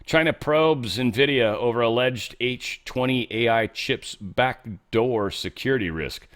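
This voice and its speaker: A man's voice: mid-range voice, measured pace, fairly bright tone. A man hosting a casual news commentary show, reading headlines with sarcastic, offhand asides. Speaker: host.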